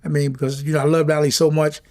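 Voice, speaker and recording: A middle-aged man talks quickly and earnestly in a casual interview. His voice is gravelly and sits a little high for a man. He circles back over his words as he goes. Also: flat delivery, darkish tone. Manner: heartfelt, drawn-out, repeats himself. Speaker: former boxing champion, guest.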